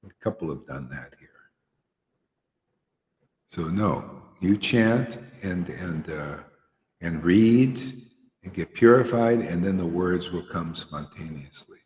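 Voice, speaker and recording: A man's voice: deep voice, lively intonation, takes it slowly, pauses often, darkish tone. A man giving an informal devotional talk to a small group, earnest and slangy, peppering his words with "you know" and "man". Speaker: spiritual teacher. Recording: roomy hall echo.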